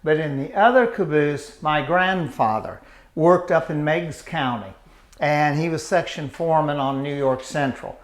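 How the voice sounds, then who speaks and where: An older man with a Southeastern Ohio accent, a museum guide telling folksy, animated stories on a tour. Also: a little high, a little slow, dry recording. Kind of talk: anecdotal storytelling on a tour.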